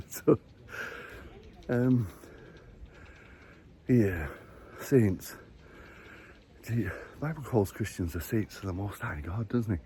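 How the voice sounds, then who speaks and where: Warm and on the low side, this man's voice moves slowly with frequent pauses as he climbs stairs outdoors, a little short of breath. In his casual walking vlog he rambles through faith reflections, chuckling often, with slight background noise.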